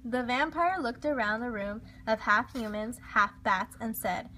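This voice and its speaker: A woman reads a children's storybook aloud with lively, expressive delivery. Her voice is fairly high and bright, with plenty of energy. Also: measured pace, a little hiss or hum. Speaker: storybook reader.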